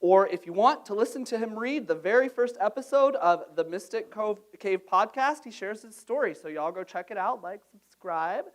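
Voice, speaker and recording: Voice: medium pitch, lively intonation, moderate pace. An emcee introducing readers at a literary event, informal and friendly, with a few fillers.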